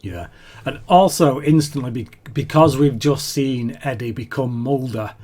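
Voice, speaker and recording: A man's voice: mid-range voice, measured pace, a little mellow. A man co-hosting a podcast, recapping a TV episode in casual chat, laughing often and restarting sentences. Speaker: podcast co-host.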